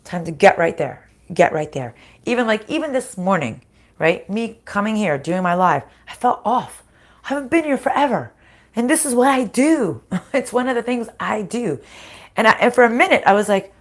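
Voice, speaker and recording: A woman's voice: mid-range voice, lively intonation, fairly quick. Scratchy-voiced woman doing a card reading. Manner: casual and chatty, with frequent laughter and swearing. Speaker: card reader. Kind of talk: live-streamed spiritual card reading.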